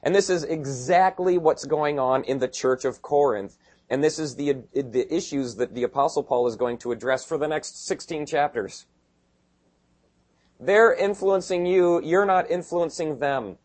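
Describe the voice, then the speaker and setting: A male pastor preaching a sermon in a conversational way, dropping quiet and then rising to emphatic bursts. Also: medium pitch, normal speed.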